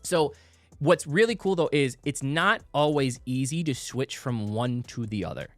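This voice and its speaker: Animated male music producer, dry sound. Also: medium pitch, normal speed, no room sound. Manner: animated, explains vocal technique in plain terms, many "like" fillers. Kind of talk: casual reaction chat.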